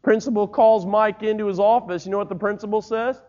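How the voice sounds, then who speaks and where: A man preaching a sermon, telling stories with lively voiced characters and rising to shouts. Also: high voice, fairly quick. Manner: animated storytelling, voicing characters, rising to shouts. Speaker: pastor. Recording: dull lo-fi sermon recording.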